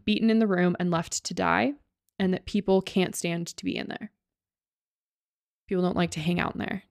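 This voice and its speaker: Close-miked and dry, a woman with a lowish, gravelly voice retells a ghost-hunting show for the podcast she co-hosts. Her storytelling is loose and casual, packed with "like" and an occasional curse.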